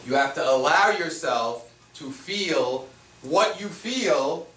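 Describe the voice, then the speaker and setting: Spiritual teacher, echoey distant room. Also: male voice, a little high, animated, takes it slowly, bright, forceful tone. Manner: repetitive, asks rhetorical questions. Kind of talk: workshop teaching to a live audience. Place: room with a small live audience. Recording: echoey room, mic far off, faint noise.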